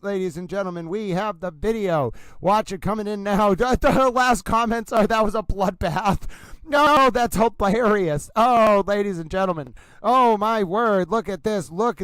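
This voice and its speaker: A man hosting a live stream, talking casually and excitedly to his viewers and often calling out "ladies and gentlemen". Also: sits high, clear, resonant tone, dry recording, low-quality recording. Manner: animated, exclamatory, addresses viewers as ladies and gentlemen. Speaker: livestream host.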